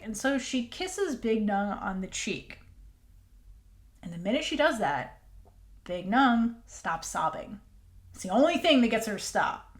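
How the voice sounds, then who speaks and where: Animated woman recapping a series. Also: fairly high pitch, unhurried, pauses often. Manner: animated, acts out character lines. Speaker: podcast co-host. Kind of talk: casual recap chat.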